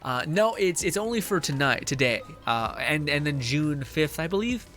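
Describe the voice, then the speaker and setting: A man's voice: fairly high pitch, big pitch swings, moderate pace, a bit bright, faint music behind. A male streamer chatting casually and reading viewer messages aloud, tired and mentally drained, laughing often and swearing.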